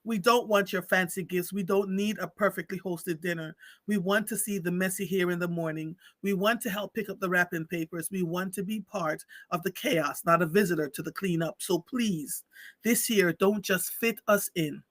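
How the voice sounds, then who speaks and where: A man with a high, bright, ringing voice reads a story aloud to his livestream audience. He takes it slow, with heartfelt pauses, on a close, dry mic. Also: fairly even intonation, no room sound. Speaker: livestream host. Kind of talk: reading a story aloud, then chatting with viewers.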